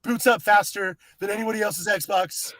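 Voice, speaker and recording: A man's voice: high voice, fairly even intonation, moderate pace, a crowd in the background, close to an everyday voice, poor audio. A man putting on a boastful older politician, bragging in repetitive superlatives.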